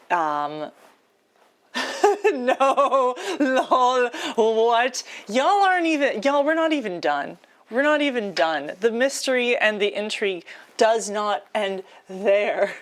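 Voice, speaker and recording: Woman streamer, casual chat with viewers while cooking; excitable and giggly, laughing as she talks, a bit high with a very bouncy, animated delivery. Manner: excitable and giggly, often laughing mid-sentence; chatty, addresses viewers as y'all and chat. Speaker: live streamer.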